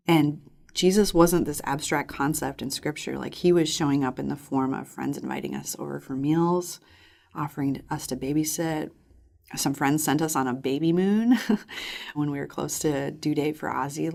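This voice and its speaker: A woman's voice: deep voice, creaky, darkish tone. A woman in her thirties telling a personal faith story in an earnest, reflective way as a podcast guest. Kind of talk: personal testimony in conversation.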